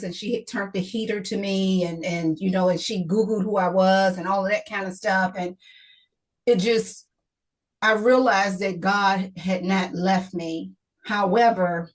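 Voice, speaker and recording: This middle-aged woman has a lowish voice, captured on a low-quality recording. Appearing as a guest author in an interview, she shares an emotional story from her own life, frequently repeating herself and quoting others.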